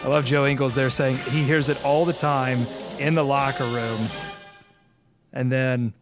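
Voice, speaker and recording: Southern-accented man co-hosting a podcast, mid-pitched, wry and playful, faint music under him. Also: little pitch movement, measured pace. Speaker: podcast co-host. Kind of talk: casual sports podcast chat.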